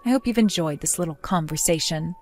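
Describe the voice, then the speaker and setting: A woman's voice: on the low side, fairly quick, a little mellow, faint music behind, natural voice. A woman playing a sarcastic, fed-up young wife. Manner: sarcastic, mocking, dismissive.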